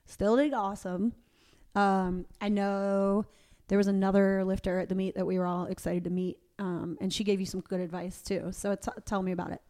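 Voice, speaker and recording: A woman hosts a casual interview podcast with a mellow, relaxed tone. She tells stories in a chatty, animated way. She acts out what other people said. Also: medium pitch, normal speed. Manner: chatty, animated storytelling with quoted voices. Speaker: podcast host; powerlifting coach and competitor.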